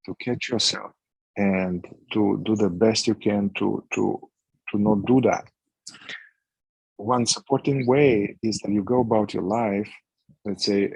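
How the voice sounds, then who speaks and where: Facilitator type: husky man with a low voice, slow and searching delivery, dry close mic. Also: a little mellow, no echo, poor audio. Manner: slow, searching, restarts phrases. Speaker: somatic inquiry facilitator. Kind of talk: guided practice instruction.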